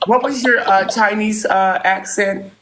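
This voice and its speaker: A woman's voice: mid-range voice, steady tone, unhurried. A woman hosting a casual live stream, poised and dry in how she answers. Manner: poised, dry, self-assured. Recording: faint background noise.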